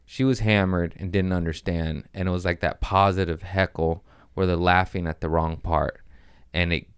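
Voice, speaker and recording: Deep-voiced man telling crude stand-up stories. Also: moderate pace, smooth, no echo, studio quality. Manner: animated storytelling with crude language. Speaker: comedian podcast host. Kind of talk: casual monologue.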